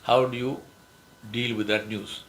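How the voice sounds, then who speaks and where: Middle-aged male lecturer, emphatic, lively delivery, quotes acted out. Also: a little slow, low-quality recording. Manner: emphatic, acts out quoted phrases with rising pitch. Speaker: speaker on success skills. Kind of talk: motivational talk.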